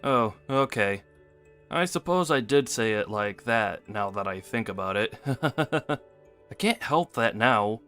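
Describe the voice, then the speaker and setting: A man's voice: on the low side, lively intonation, takes it slowly, fairly bright tone, soft background music. A man voicing a careless, lying young husband in a text-message drama, dismissive and offhand.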